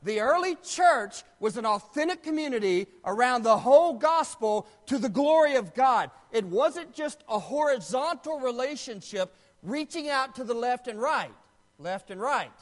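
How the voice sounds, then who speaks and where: A man's voice: very high voice, animated, moderate pace, in a large hall. A man preaching a sermon as pastor, emphatic and asking questions of the congregation.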